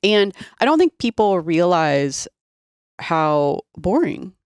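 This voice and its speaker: A woman chats as a podcast guest, her pitch rising and falling freely. She laughs easily and keeps it casual. The sound is close and dry, a studio mic with little room. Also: big pitch swings, slow, a little mellow, clean tone, no echo. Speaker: podcast guest, former CIA case officer.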